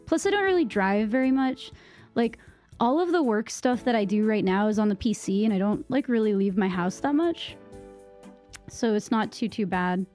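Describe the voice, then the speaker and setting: A young woman from Massachusetts with a Boston accent, chatting casually with her stream viewers, rambling with lots of fillers, on a boom-arm mic at home. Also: lively intonation, moderate pace, darkish tone, faint music behind. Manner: rambling, many fillers and restarts. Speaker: live streamer. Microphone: microphone on a boom arm.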